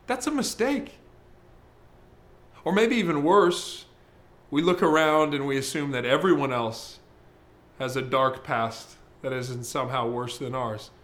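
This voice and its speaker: A man preaching a sermon as pastor, in a conversational, emphatic way, slowing to read scripture. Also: medium pitch, fairly bright tone. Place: church service, streamed.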